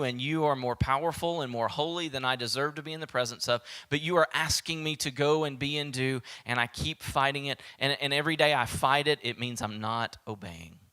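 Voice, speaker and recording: A man with a Southern American accent preaching a sermon as pastor, animated and acting out quoted voices, sometimes dropping to a hushed whisper. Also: medium pitch, smooth.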